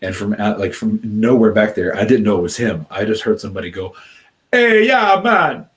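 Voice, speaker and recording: A man co-hosting a casual podcast chat over a video call, talking in a relaxed, rambling way with lots of fillers. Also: on the low side, fast. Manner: laid-back, chatty, lots of fillers and laughter. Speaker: podcast co-host.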